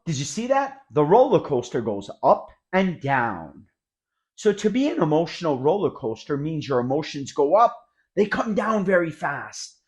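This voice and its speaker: A man teaching English expressions, explaining each word in an energetic classroom manner and acting out the example sentences. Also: a little high, a little slow. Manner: animated, acts out example sentences.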